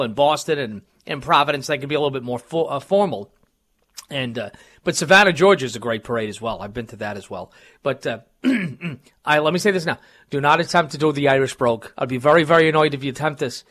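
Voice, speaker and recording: A man's voice: on the high side, a bit bright. A man hosting a call-in talk radio show, rambling with many fillers and restarts. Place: radio studio.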